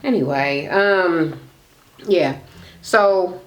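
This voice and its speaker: A woman's voice: on the low side, moderate pace. A woman ranting casually about a reality show, sassy and swearing freely, acting out what people said. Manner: animated, sassy, swears freely, acts out quotes. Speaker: reality TV recap vlogger. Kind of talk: casual profane recap rant.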